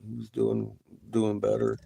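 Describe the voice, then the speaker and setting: A man's voice: fairly low pitch, monotone, measured pace, vocal fry, warm tone, slight background noise. A man on a casual, profane rant who swears constantly, laughs often and coughs between remarks. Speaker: livestreamer.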